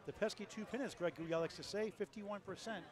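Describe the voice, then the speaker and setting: Male play-by-play caller, high voice, quick score calls over a roaring bowling crowd. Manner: rapid score calls, lively promo plugs. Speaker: play-by-play commentator. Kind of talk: live bowling commentary. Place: bowling alley. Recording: loud crowd in a bowling hall.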